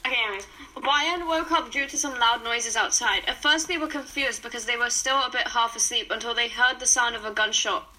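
A young woman reading a fan story with a friend, excitable, voicing the characters and swearing. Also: fairly high pitch, a little fast, low-quality recording. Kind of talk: casual reaction reading.

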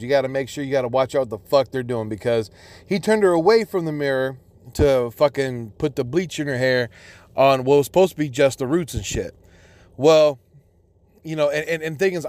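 A man's voice: medium pitch, darkish tone, no room sound. A man telling a personal story in a casual, profane, rambling way, full of restarts.

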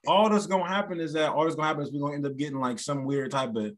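A man co-hosting a podcast in casual chat, animated and given to acting out other people in a high voice. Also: rapid-fire. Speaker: podcast co-host; stand-up comedian.

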